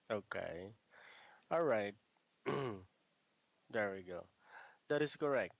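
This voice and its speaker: Male English tutor, slow unhurried delivery, lowish voice, dry close sound, patient corrections. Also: animated, dry recording. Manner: patient, corrects the student's words gently; often clears his throat and says okay. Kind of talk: one-on-one online English lesson.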